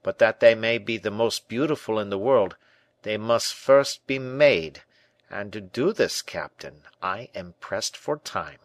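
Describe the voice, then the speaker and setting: A hurried old tailor, as a male narrator does him, brisk and insistent, barely civil. the low, dry read gives his complaints a clipped firmness. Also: no echo, close to an everyday voice. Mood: harried. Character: busy, curt old tailor, man.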